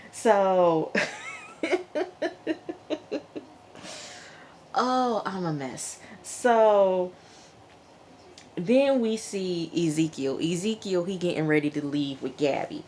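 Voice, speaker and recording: A woman reviewing a TV episode in a chatty, animated way, laughing often and talking straight to her viewers. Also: on the low side, slow pace, slight background noise. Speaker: TV show reviewer. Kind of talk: casual review vlog.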